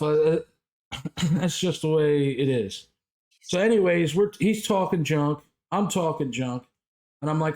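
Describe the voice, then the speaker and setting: A man's voice: a little high, unhurried. A man chatting casually with friends, telling a story and acting out the quoted lines. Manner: animated retelling, acts out quoted dialogue. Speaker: streamer telling a story in group voice chat.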